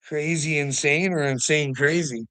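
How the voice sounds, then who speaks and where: A man's voice: on the high side, steady tone, unhurried, a bit bright. A man ranting in a monologue, heated and swearing constantly, with short laughs between his points. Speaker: vlogger.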